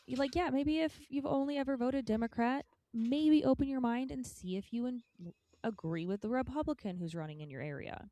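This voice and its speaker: Mellow-voiced woman, frank and casual. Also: sits high, a little fast, no echo. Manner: frank, a bit facetious. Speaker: podcast co-host. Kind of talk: casual political discussion.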